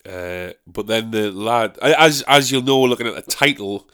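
A man's voice: fairly low pitch, moderate pace, pushed and bright, clean tone. A young man hosting a podcast, rambling and swearing in casual chat. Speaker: podcast host.

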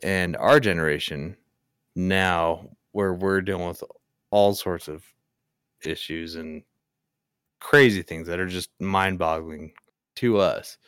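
Young male podcast co-host, very low smooth voice, rambling laid-back chat. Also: steady tone, slow, pauses often, a bit bright, dry recording, clean studio sound. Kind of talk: casual chat.

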